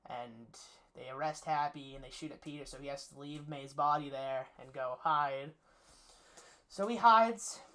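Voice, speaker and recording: A man's voice: fairly high pitch, fairly bright tone. Eager rambling man recapping a movie. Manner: enthusiastic, rambling, with many fillers. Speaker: movie reviewer. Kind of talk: casual spoiler plot recap.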